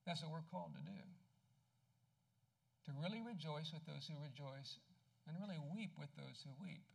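This pastor's sermon is conversational, full of questions aimed at his congregation, and he grows quiet and low during personal stories. His voice is creaky, moves at a normal pace, and swings widely in pitch.

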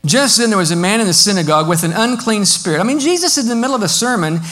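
Pastor guy preaching in church, high voice, gets loud and lively, does little mocking bits. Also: rapid-fire. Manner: animated preaching, mock voices of modern critics. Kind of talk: sermon.

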